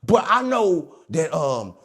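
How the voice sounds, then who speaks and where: A man's voice: fairly high pitch, fast. A man telling a story as an interview guest, joking and mimicking the people in it. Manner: animated, joking, mimics others. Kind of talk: casual storytelling.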